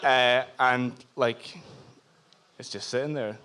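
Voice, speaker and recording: At a live comedy show in a bar, a Scottish audience member with a Scottish accent tells a self-deprecating comic story on stage. His mid-range voice is steady, slow and sharp in tone, with slight background noise.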